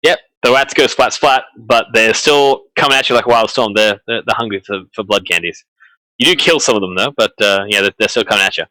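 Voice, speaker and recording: A man running a tabletop horror game live, chatty and animated, with many fillers and restarts. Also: fairly low pitch, brisk, no room sound, low-quality recording. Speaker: game master.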